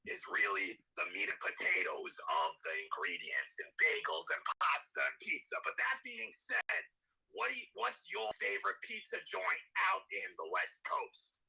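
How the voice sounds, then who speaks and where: A man's voice: high voice, big pitch swings, normal speed, gravelly, pushed and bright, husky, poor audio. A man with a thick New York accent, a guest in a casual chat, talking in a playful, exaggerated street-talk way.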